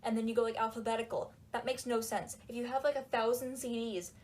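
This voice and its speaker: A woman talking in a casual, animated and sarcastic way, with lots of "like"s, while she folds laundry. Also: on the high side, fast. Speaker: book reviewer. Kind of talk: casual chat.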